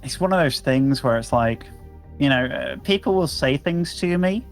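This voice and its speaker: A man's voice: mid-range voice, lively intonation, moderate pace, faint music behind. An English man commentating an esports match, chatty and casual with lots of fillers. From England. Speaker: esports caster. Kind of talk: play-by-play commentary.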